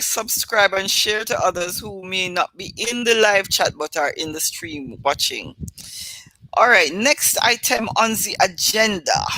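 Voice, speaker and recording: A woman's voice: mid-range voice, bright, forceful tone, poor audio. A Jamaican woman hosting a livestream, reading a poem and chatting through a story with her viewers. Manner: chatty, talks straight to live viewers. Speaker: livestream host. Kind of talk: poetry reading and casual storytelling.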